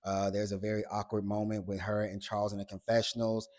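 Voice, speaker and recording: A man's voice: lowish voice, flat delivery, quick pace, a little mellow. A man recapping a reality TV episode in a casual vlog. He is blunt and profane, talks straight to the cast, and retells scenes in a chatty, gossipy way.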